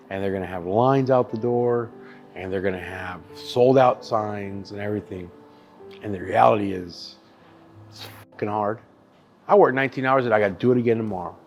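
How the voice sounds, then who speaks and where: A man in his thirties, a barbecue chef, telling stories in a casual interview, animated and profane. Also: lowish voice. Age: 30s.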